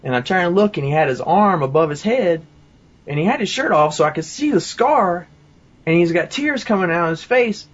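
A man's voice: high-pitched, lively intonation, brisk, highs cut off. A man telling a personal testimony in a casual, rambling way, full of asides and fillers. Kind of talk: casual storytelling.

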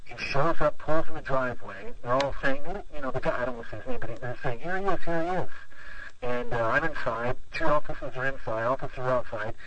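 A man's voice: mid-range voice, fast talker, few pauses, sharp tone, slight background noise, poor audio. A man who is a pastor, telling a long story in an interview, rambling with lots of "you know" fillers. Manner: rambling, full of 'you know' fillers.

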